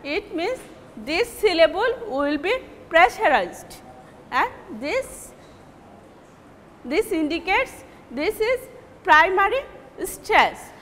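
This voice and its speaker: A woman teacher with a Bangladeshi accent giving a recorded English lecture, repeating and stressing example words deliberately. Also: extremely high pitch, sing-song, a bit bright, big-room sound, a little hiss or hum.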